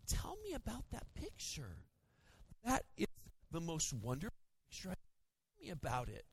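A man preacher voicing his gentle older mother-in-law, who speaks in a soft, cooing, doting way to a child. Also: fairly low pitch, huge pitch swings, unhurried, breathy edge, dry recording, exaggerated voice. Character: gentle older grandmother, sweet and encouraging.

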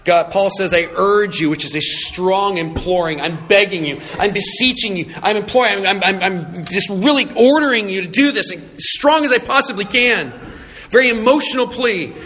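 A man's voice: sits high, moderate pace, bright, forceful tone, a little hiss or hum. A man preaching a sermon, talking to the congregation in a conversational, emphatic and humorous way. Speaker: pastor. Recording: echoey hall with faint ambience.

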